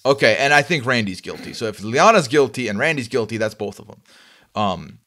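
A man's voice: medium pitch, animated, brisk, a bit bright. A man hosting a game stream, chatting casually and getting flustered, often repeating himself. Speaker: streamer and host. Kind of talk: casual gaming chat.

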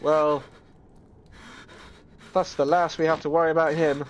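A man streaming a horror game, talking in a jokey, excitable way with yelps and laughs. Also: on the high side, measured pace, lo-fi sound, slight background noise. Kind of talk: gaming commentary.

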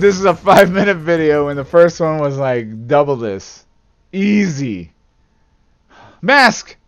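A male gamer talking over his own gameplay in a lively, swooping voice that sits a bit high for a man. He cracks jokes, curses at the game and flares into playful fake anger. Faint game music plays behind him. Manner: animated, jokey, swears, outbursts of mock anger. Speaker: let's play gamer. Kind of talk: casual gameplay commentary.

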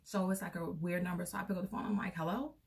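A woman's voice: on the low side, level tone, very fast, creaky, darkish tone. A young woman vlogger telling a personal story in a casual, rambling way, full of fillers, recorded from a distance.

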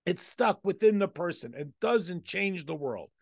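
A man's voice: high-pitched, lively intonation, measured pace, vocal fry, no echo, studio quality. A man teaching a Torah lesson as a rabbi, reading Hebrew text aloud and explaining it step by step with rhetorical questions. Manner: reads Hebrew text aloud then translates.

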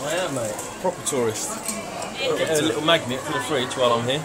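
A man's voice: mid-range voice, fairly quick. A man on a book tour chatting in a casual vlog, upbeat and effusive, laughing easily.

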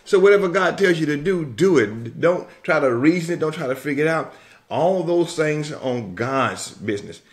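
A man preaching a sermon with an emphatic, repetitive cadence and drawn-out declarations. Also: a little high, animated.

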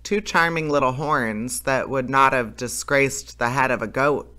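A man's voice: mid-range voice, a little slow, pushed and bright. A man reading a fairy tale aloud as a storyteller, plain and unpolished, with small slips and self-corrections.

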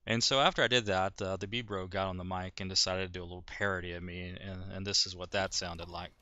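A man's voice: deep voice, steady tone, fast, pushed and bright, dry recording, highs cut off. A man new to YouTube, talking through his game footage with lots of ums and restarts. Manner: hesitant, many ums and restarts. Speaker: beginner YouTuber. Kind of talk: game commentary vlog.

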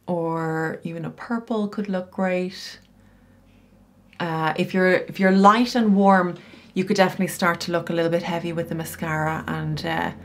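Middle-aged woman, style coach, lower-pitched voice; chatty tutorial delivery with offhand asides. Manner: chatty, explains each step with casual asides. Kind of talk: makeup tutorial.

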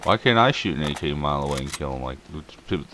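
Very low-voiced man trash-talking over gunfire. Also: animated, rapid-fire, heavy background noise. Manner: swears and trash-talks at other players, laughs often. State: just woken up, throat a bit choked. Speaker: gameplay commentator. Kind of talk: casual live game commentary. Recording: loud gunfire from the game.

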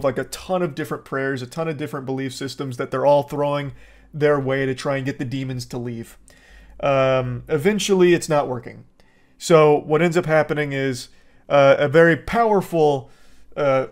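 A man hosting a movie review, talking sarcastically and rambling with many fillers. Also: on the high side. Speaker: host.

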